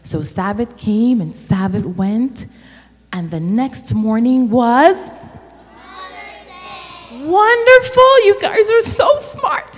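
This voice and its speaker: A woman leading a children's corner in church, telling a story in an animated way that speaks directly to the children. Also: fairly high pitch, a little hiss or hum. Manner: slow and animated, addressing children. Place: church sanctuary. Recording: reverberant church hall.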